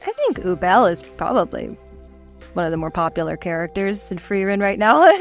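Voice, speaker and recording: An enthusiastic woman chatting as a guest on a podcast, laughing often as she talks. She trails off mid-thought and picks up again in a relaxed, casual way. Faint music plays under her voice. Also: medium pitch, moderate pace. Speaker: voice actor guest.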